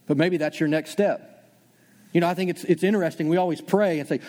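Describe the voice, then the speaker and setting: Fast-talking preacher man in a reverberant hall. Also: a little high, a little mellow. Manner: conversational, acts out listeners' doubts in quick asides. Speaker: pastor. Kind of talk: sermon.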